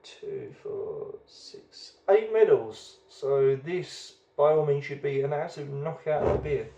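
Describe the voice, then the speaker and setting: A man's voice: a little high, expressive, normal speed, dark tone, roomy sound, slight background noise. A man hosting a casual beer review video, chatty and rambling, often hesitating as he goes.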